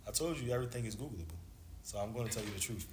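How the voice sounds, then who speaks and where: His low voice is dark in tone and lively in intonation as he races through a long, slangy story. The laid-back former basketball player, in his thirties, acts out the dialogue in an echoey room with faint background noise.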